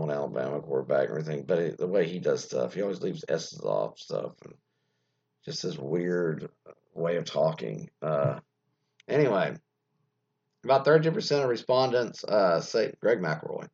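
Rambling gravelly-voiced male podcast host. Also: sits low, big pitch swings, normal speed, darkish tone, highs cut off. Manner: rambling, many fillers, trails off into mutters; profane, offhand asides. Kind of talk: casual solo commentary reading from an article.

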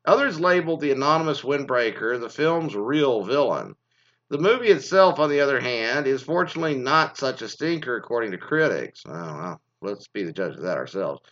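Profane rambling man, lively pitch. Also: fairly quick, highs cut off. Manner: profane, rambling, exasperated storytelling. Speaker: commentary host. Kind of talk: casual ranting commentary.

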